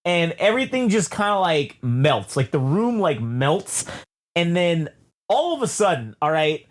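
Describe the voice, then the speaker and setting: A man co-hosting a podcast tells a rambling, profane story, swearing constantly and restarting sentences. His voice sits high and swings wildly in pitch. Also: sing-song, unhurried. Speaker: podcast co-host. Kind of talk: profane, rambling casual chat.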